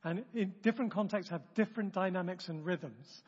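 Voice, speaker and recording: A man with a husky voice leading a church training session in a chatty, self-interrupting way, acting out example remarks. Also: sits high, a little fast, darkish tone. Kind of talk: informal teaching talk. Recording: dull, long-reverb room recording.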